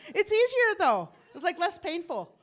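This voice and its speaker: A woman's voice: extremely high pitch, big pitch swings, moderate pace. An older woman performing a stand-up comedy set, rambling and self-deprecating, laughing at her own jokes, coughing from bronchitis, on a handheld mic. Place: comedy club stage.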